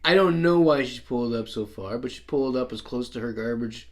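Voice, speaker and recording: A man's voice: mid-range voice, fairly quick. A Canadian man with an everyday mid-range voice tells a neighbour story in casual chat. He is blunt, swears freely and laughs often. His accent is Canadian English. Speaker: channel host.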